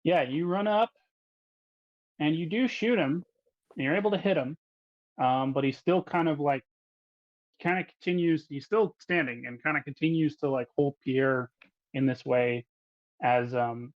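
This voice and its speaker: A man narrating a tabletop game as game master, in a casual, halting way with many fillers. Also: on the high side, no echo. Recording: dull, dry audio.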